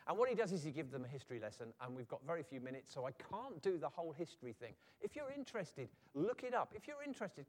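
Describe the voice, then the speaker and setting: A man preaching a sermon in a lively way, sometimes acting out quoted voices. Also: sits high, long reverb tail. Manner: animated, acts out quoted voices.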